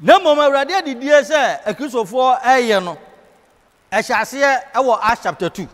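A Ghanaian man leads a Bible class in a preaching manner, his voice pitched very high. He slips into English whenever he reads scripture. The sound rings out with the long reverb of a large hall. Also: lively intonation, moderate pace, a bit bright. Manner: preaching in Twi, switching to English for scripture and key phrases. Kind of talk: sermon-style Bible teaching.

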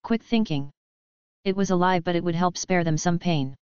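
A woman narrating an audiobook in a steady first-person reading. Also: fairly low pitch, moderate pace, clear, resonant tone, no room sound. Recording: dry, slightly muffled recording.

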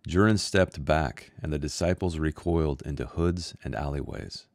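Deep-voiced man reading a short story. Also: no echo, clean studio sound. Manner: measured, somber narration. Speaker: author and host. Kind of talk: reading his own short story aloud.

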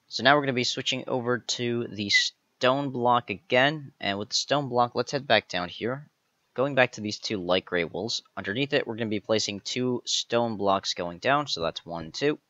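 A man's voice: medium pitch, normal speed, pushed and bright, no echo, dull audio. A man hosting a step-by-step game building tutorial, methodically counting each block aloud as he places it. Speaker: tutorial host.

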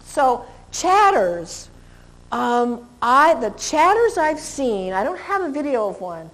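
Animated woman lecturing a live seminar. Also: high voice, slow. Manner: animated, imitates dog and human sounds, asks the audience. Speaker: lecturer on dog behavior. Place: seminar room with a live audience.

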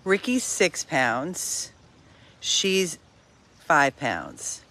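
A woman's voice: sits low, big pitch swings, extremely slow, bright, forceful tone. A middle-aged woman from a dog rescue chatting casually in a backyard while filming on her phone. She is chatty and often trails off mid-sentence. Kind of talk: casual vlog chat.

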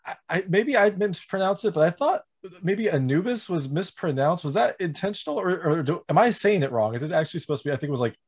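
A man's voice: high-pitched, expressive, quick pace, husky. A male interviewer who asks questions in a friendly, hesitant way and laughs often. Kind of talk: casual interview.

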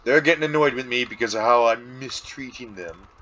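A man's voice: medium pitch, brisk, muffled recording, noisy background. A man casually commentating while he plays a video game with his sibling, rambling and joking at his own puns. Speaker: let's play co-host.

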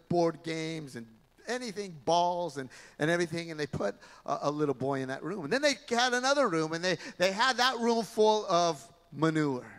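Animated male preacher in a reverberant church. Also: high-pitched. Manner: animated storytelling, acting out voices. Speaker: pastor. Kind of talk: sermon. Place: large church sanctuary. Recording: long reverb of a large church hall.

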